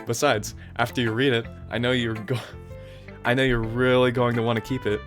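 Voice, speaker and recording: A man's voice: medium pitch, flat delivery, normal speed, a bit bright, faint music behind, close to an everyday voice. A man reading aloud as a shy, obsessive teenage girl with a fixated, breathless way of talking. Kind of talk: reading game dialogue aloud.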